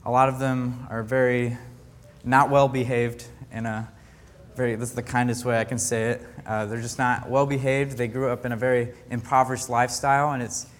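A young man, a camp counselor, giving an earnest, halting personal faith testimony to a group, with frequent restarts. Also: mid-range voice, little pitch movement. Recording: long hall reverb.

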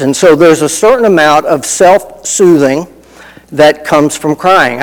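A middle-aged pastor with a slightly high voice preaches a folksy, conversational sermon, weaving in personal stories and asides. The low-quality recording has a big-room sound.

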